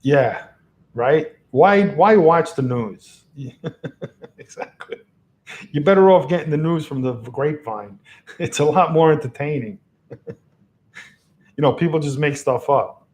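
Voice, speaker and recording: A man with a high-leaning, darkish-toned voice speaks at a measured pace with long pauses. Chatting casually on a livestream from a lamp-lit room at home, he rambles and chuckles often into an XLR microphone placed on a box.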